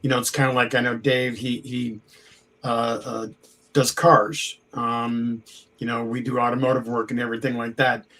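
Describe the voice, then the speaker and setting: Earnest guy on a podcast, pretty monotone, lots of uhs. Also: medium pitch. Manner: halting, earnest, many fillers. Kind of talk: casual podcast chat.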